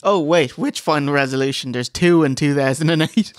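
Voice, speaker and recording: A man narrates a wrestling recap in a casual, deadpan way. His voice sits close and dry, with no room around it. He drops wry asides between the play-by-play. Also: a little high, a little fast, no room sound. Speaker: co-host recapping the show. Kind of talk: casual review chat.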